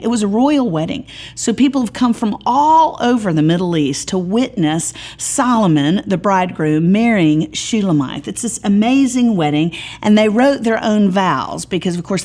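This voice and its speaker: Lively woman teaching scripture. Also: sits low. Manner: lively storytelling with humorous asides. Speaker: Bible teacher. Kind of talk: sermon-style Bible teaching.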